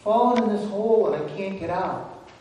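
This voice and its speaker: A man's voice: sits high, moderate pace, warm tone, a little hiss or hum, voice pushed up, natural voice. A man voicing a desperate man stuck in a pit, hollering for help in a sermon story. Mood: pleading. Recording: echoey church hall from a distance.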